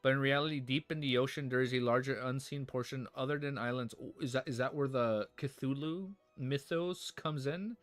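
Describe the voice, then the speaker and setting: A man streaming live, reading a novel aloud haltingly and breaking off to joke and react to it. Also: mid-range voice, no echo, soft background music.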